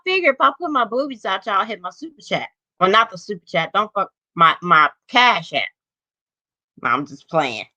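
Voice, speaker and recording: A woman's voice: medium pitch, expressive, normal speed, bright, forceful tone, no room sound. A woman in her forties hosting her own livestream, talking bluntly and profanely in a drawling, casual way. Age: 40s. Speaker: livestream host. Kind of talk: casual live-stream chat. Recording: dry, slightly dull lo-fi stream audio.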